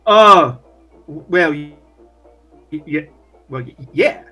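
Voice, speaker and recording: A man's voice: fairly high pitch, lively intonation, slow pace, slightly rough, highs cut off, faint music behind, exaggerated voice. A man voicing a nervous young male bellhop who stammers and apologizes constantly. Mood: flustered.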